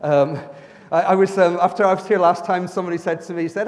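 High-voiced pastor preaching in a hall. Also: male voice, steady tone, quick pace, a little mellow. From Ireland. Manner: conversational, joking asides, repeats words when starting a sentence. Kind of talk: sermon. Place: church hall.

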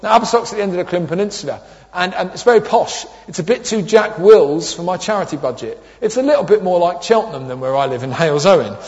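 A man's voice: high-pitched, expressive, quick pace, a little mellow. A man in his thirties preaching a sermon, telling humorous stories and acting out the quotes. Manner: humorous storytelling with acted quotes. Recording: dull echoey hall.

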